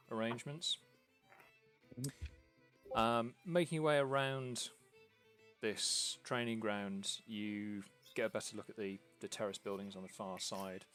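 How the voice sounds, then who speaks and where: Man running a tabletop game, low voice, faint music underneath. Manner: relaxed, rambling with ums and uhs. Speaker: game master.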